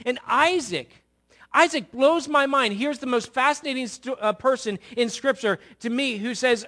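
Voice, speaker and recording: A man delivers a sermon in a high, bright voice. He retells the story dramatically, playing its people and dropping from loud declarations to hushed asides. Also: normal speed. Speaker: preacher.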